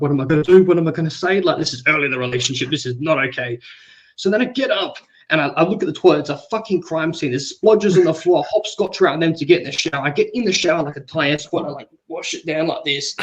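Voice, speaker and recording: Australian man, fairly high voice, casual storyteller, crude, animated. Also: rough recording.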